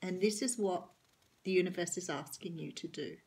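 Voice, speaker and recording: A middle-aged Australian woman reads tarot cards to the viewer in a husky, breathy voice. She speaks earnestly and with emphasis, offering reassurance as she explains each card. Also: on the low side, normal speed, a little mellow. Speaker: tarot reader. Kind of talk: tarot reading to camera.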